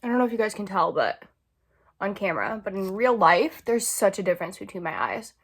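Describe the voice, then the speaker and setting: A woman's voice: medium pitch, sing-song, fairly quick, noisy background. A woman in her twenties, a beauty vlogger chatting casually as she does her makeup and tells a story, saying "like" a lot. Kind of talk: casual chat.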